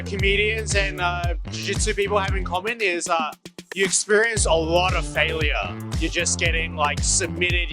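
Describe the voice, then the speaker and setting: A man from Melbourne, a stand-up comedian, talking hesitantly about his comedy in a backstage interview. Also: high-pitched. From Melbourne, Australia. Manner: hesitant, lots of fillers.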